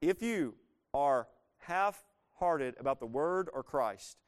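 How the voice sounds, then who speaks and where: A man's voice: on the high side, animated, slow. A man preaching a sermon as pastor, earnest and emphatic, asking the congregation rhetorical questions and repeating phrases for weight.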